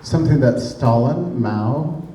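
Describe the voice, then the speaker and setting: A man's voice: mid-range voice, lively intonation, unhurried, dark tone, muffled recording, a little hiss or hum, natural voice. A man imitating a male reporter pressing a pointed question. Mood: incredulous. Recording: echoey room, distant mic.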